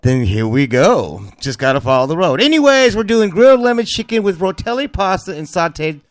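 A man's voice: high voice, big pitch swings, a little fast, no echo. A middle-aged man from Southern California hosting a speed cooking show, rambling and brash with lots of fillers. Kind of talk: fast casual cooking talk.

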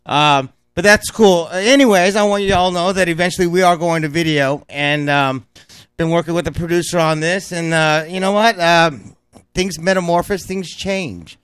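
A man's voice: fairly high pitch, steady tone, normal speed, a bit bright, clear, resonant tone, no room sound. A middle-aged man from Southern California hosting a speed cooking show, rambling and brash with lots of fillers. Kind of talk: fast casual cooking talk.

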